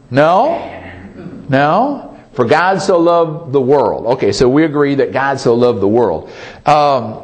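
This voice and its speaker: A man's voice: medium pitch, big pitch swings, unhurried, a little mellow. A male pastor preaching a sermon in a folksy way, often asking the congregation "Amen?" and joking at his own expense. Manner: self-deprecating humor.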